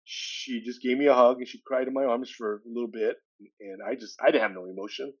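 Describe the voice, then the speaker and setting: A man in his sixties, a podcast guest from California, telling a personal story with animated delivery. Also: medium pitch, fairly quick, dull audio. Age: 60s. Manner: animated storyteller who acts out dialogue with shifting voices.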